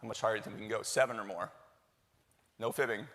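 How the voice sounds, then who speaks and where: Here a middle-aged man's fairly low, steady voice comes out fast and fairly bright as he gives the executive director's opening remarks. Chatty and full of jokes, he quizzes the crowd throughout, and the recording picks up the long reverb of a large hall with a live audience.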